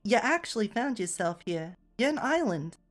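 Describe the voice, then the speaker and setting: A woman's voice: fairly high pitch, very animated, normal speed, soft background music. A woman voicing a chatty young woman from London with a put-on London accent, who keeps calling people love.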